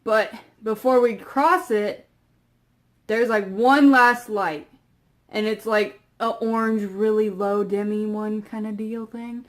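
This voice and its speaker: A young woman vlogger telling a long story to camera in a rambling, casual way, full of fillers and quiet trailing asides. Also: mid-range voice, steady tone, slow pace.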